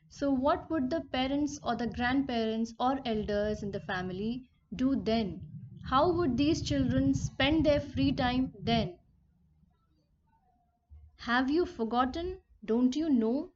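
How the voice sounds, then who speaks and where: Slow, deliberate woman explaining a poem. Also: on the high side, a little mellow. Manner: explains line by line, repeats and rephrases. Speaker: teacher. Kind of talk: poetry lesson explanation. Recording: dull lo-fi recording.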